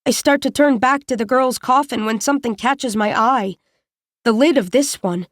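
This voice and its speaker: A woman's voice: fairly high pitch, normal speed, no room sound. Woman narrating in a dry, close voice. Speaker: audiobook narrator. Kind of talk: first-person scripted narration.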